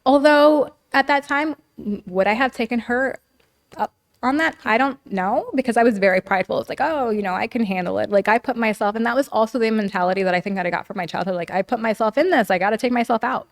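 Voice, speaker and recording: A woman's voice: on the high side, quick pace. A woman guest on a podcast, telling her story candidly and at length, often saying "like" and acting out what people said. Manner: talkative, heavy use of "like", acts out quoted dialogue.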